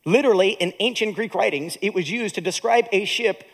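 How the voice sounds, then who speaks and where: A man preaching a sermon as a pastor in a church, with animated delivery and joking asides to the congregation. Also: high-pitched, brisk, vocal fry.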